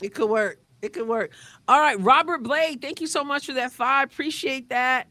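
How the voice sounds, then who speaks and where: A woman hosts a live call-in sports stream with a bright, forceful voice. The sound is dry and close, and she talks in a chatty way, repeating words while she reads comments. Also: sits high, normal speed, no echo. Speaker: host.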